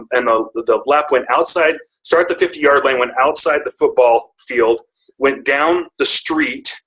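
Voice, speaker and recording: A man's voice: medium pitch, pushed and bright, rough recording. A middle-aged man telling a personal story to his team on a call, earnest and emotional, often restarting his sentences.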